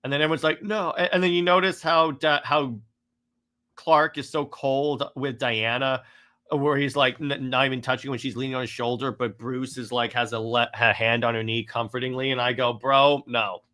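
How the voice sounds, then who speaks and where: A man's voice: medium pitch, flat delivery, moderate pace, pushed and bright. A man giving a casual, exasperated critique of a comic run, rambling with frequent restarts.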